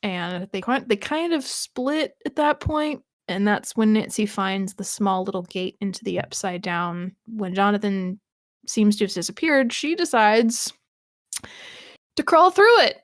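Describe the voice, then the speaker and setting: A woman chats on a rewatch podcast in a mid-range voice, recapping scenes and musing aloud with quick restarts and laughs. Her voice sits close and dry on the mic, with no room sound around it. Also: mid-range voice, no echo. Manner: chatty, thinking aloud with frequent restarts and laughs. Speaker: podcast co-host. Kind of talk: casual rewatch podcast chat.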